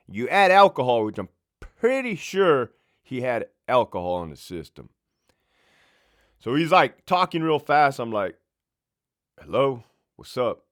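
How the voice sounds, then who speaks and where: Man, ex-prison lieutenant, casual storytime, lively up-and-down pitch, swears a lot. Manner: profane, animated storyteller.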